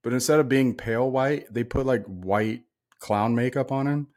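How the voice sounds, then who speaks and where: A man in an easygoing podcast chat who rants bluntly about what bugs him. His voice sits at an ordinary middle pitch, and he talks loosely with lots of "like" and "dude.". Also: moderate pace, darkish tone. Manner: blunt, ranting, swears freely. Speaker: podcast co-host. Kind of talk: casual chat.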